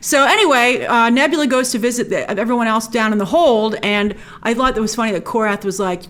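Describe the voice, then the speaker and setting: Woman host, slightly high voice, eager and chatty in a casual review, drops into quick character voices. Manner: excited, chatty, quotes characters with little voices. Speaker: show host. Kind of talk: casual episode breakdown and review.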